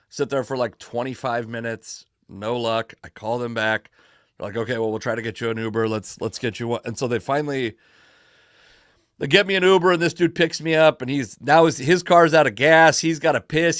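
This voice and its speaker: A man's voice: mid-range voice, no echo. Rambling storytelling man, dry close sound. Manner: rambling, animated anecdote with restarts and swearing. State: exhausted from no sleep. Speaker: sports talk show host. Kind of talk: casual storytelling on a sports podcast.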